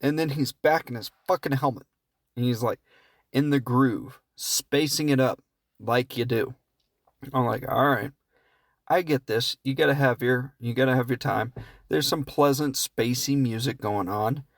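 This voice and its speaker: A man's voice: medium pitch, a little slow, gravelly, no echo. Man, casual comedy recap, rambling and swearing, dry close sound. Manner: rambling, profane, amused, slips into quoted voices. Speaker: podcast host reviewing films.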